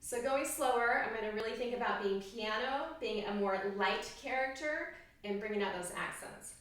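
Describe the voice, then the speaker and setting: A woman's voice: on the high side, normal speed, a bit bright. A woman oboe professor giving an encouraging, upbeat music lesson and singing rhythms aloud to show phrasing. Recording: very echoey room, distant mic.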